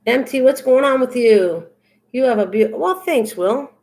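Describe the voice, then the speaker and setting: Older lady doing a craft livestream, chatty, reads out chat comments, slightly high voice. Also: expressive, measured pace, a little mellow. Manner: chatty, reads viewer comments aloud and answers them. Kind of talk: casual chat with live viewers.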